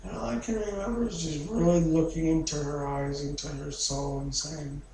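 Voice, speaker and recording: Therapy client: a man with a creaky voice, intense and profane, recorded in an echoey room with background noise. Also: fairly high pitch, steady tone, moderate pace, hardly any pauses. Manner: raw, profane, emotionally charged. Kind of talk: recounting a memory in a therapy session.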